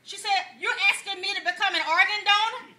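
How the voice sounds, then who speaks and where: A man's voice: very high-pitched, fast talker, sharp tone, heavily acted. A man playing a chatty older woman pastor, telling folksy jokes to a congregation and laughing along with them. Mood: amused preaching. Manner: folksy storytelling, laughs at own jokes, addresses congregation as y'all. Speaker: pastor giving a message. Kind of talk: stand-up comedy sermon.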